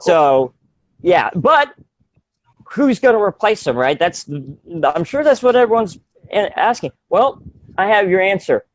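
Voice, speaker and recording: Guy with a high voice rambling on a podcast, lots of uhs, dry close mic. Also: big pitch swings, a little slow, no echo. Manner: rambling, many fillers and restarts, laughs often. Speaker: podcast co-host. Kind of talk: casual podcast chat.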